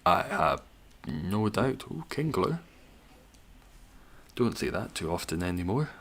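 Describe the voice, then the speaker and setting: Speaking unhurriedly in a low, darkish voice with big pitch swings, a young male streamer offers casual commentary while he games live. He responds to chat and ribs his viewers with a dry sense of humor.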